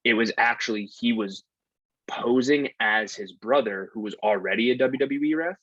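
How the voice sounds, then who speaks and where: A man's voice: medium pitch, normal speed, fairly bright tone, dry recording, lo-fi sound. A man co-hosting a podcast, rambling in casual chat and saying "like" a lot. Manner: rambling, heavy use of "like". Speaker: podcast co-host.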